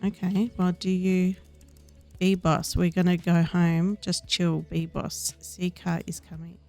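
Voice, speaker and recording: A woman's voice: fairly low pitch, little pitch movement, slow pace, warm tone, faint music behind. A woman casually talking through a game as she plays, reading the game's dialogue aloud in her own voice. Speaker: gaming host. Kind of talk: casual gameplay commentary.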